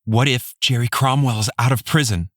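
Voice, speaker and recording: A man's voice: medium pitch, moderate pace, a bit bright, no echo, clean studio sound, voice pushed up, lightly acted. A man voicing a frantic young mother. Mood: worried. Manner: urgent, pleading. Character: frantic young mother whose daughter is kidnapped.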